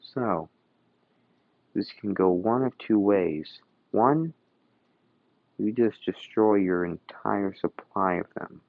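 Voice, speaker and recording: A man's voice: lowish voice, dry recording, full character voice. Izuku, as a man voices him, a cold arms-dealing boss. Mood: menacing. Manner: calm, threatening, deliberate. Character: menacing male arms dealer crime boss, cold. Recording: dull, dry recording.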